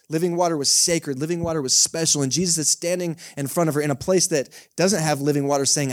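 A male pastor, preaching a sermon in a conversational, joking way and often checking in with the congregation. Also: on the high side. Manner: conversational, joking, keeps asking the congregation "right?". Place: church service held in a cinema.

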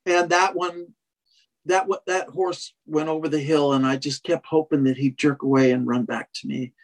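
A man's voice: a little high, fairly even intonation, moderate pace. A man who trains horses, telling a long personal story in a rambling way, full of restarts and "you know". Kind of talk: casual storytelling in conversation.

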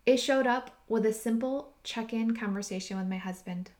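A woman hosting a podcast, telling a personal story in a slow, heartfelt way that sometimes drops to a near whisper. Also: on the high side, a little mellow. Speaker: podcast host and retreat leader.

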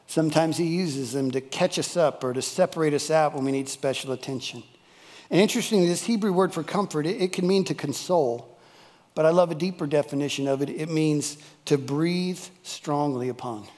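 A man's voice: a little high, fairly quick, darkish tone, long reverb tail. A male pastor, preaching a folksy, emphatic sermon and repeating key phrases for weight. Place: church worship service.

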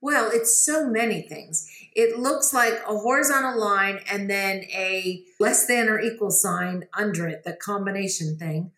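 A woman's voice: mid-range voice, unhurried, hardly any pauses, pushed and bright. A woman playing in a mystery game, thinking aloud in casual chat. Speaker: player. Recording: roomy echo.

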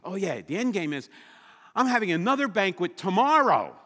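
A man's voice: high voice, sing-song, moderate pace, sharp tone, long reverb tail, pitched above the performer's own voice, heavily acted. A man voicing a shrewd, gracious young queen in a polite, sweet-talking manner, during a sermon retelling. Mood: coaxing.

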